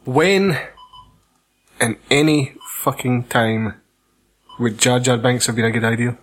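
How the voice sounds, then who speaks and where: A man's voice: mid-range voice, slow. A Scottish man in casual, sweary film chat, ranting and laughing. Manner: sweary, laughing, animated rants.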